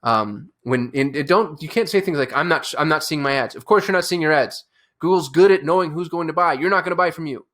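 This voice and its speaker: Emphatic man, slightly high voice. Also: animated, fairly quick, fairly bright tone. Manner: emphatic, with many restarts and fillers. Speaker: agency owner and channel host. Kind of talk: fired-up casual talk to camera.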